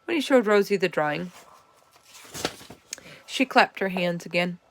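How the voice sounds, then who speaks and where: A woman reading a children's chapter book aloud, with expressive, animated storytelling. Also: on the low side, unhurried, slight background noise. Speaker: storybook reader.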